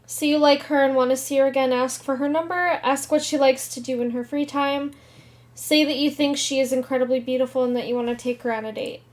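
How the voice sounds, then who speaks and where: A woman with a high voice gives casual commentary while she plays a game. She reads the choices aloud in a relaxed way. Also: fast talker. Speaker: gamer playing through a game.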